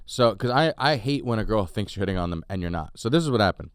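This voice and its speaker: A man's voice: fairly low pitch, fast, clean tone, no echo, clean studio sound. A man, a comedian co-hosting a podcast, telling crude stories in casual chat. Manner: crude, animated storytelling with quoted voices.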